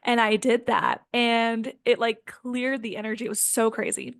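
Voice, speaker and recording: Earnest young woman, higher voice. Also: moderate pace, gravelly, a bit bright, no echo. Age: 20s. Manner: earnest, filler-heavy with frequent "like" and "um". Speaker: spiritual healing coach. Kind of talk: casual spiritual self-help talk.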